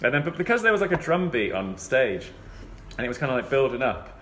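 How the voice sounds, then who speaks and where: A young Englishman rattles off a rambling story at a fast clip, laughing often and putting on mock voices along the way. His voice is mid-pitched. The room is echoey, with a faint hiss behind him. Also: sing-song, a bit bright. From England. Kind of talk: casual storytelling chat.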